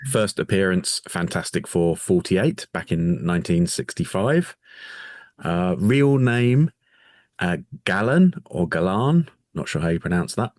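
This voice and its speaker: A man's voice: low-pitched, a little slow, a little mellow, dry recording, studio quality. A man co-hosting a podcast, reading out facts in a nerdy, casual way. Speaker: podcast co-host. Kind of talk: casual chat.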